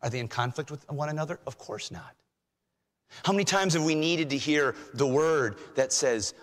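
Male pastor, sermon delivery, mid pitch, dips into near-whispers for emphasis, long hall reverb. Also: sing-song, moderate pace. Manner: shifts from loud emphasis to hushed near-whispers.

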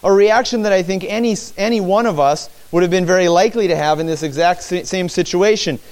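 A man preaching a sermon in church, animated, acting out the disciples' cries as he teaches. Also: high voice, a little fast.

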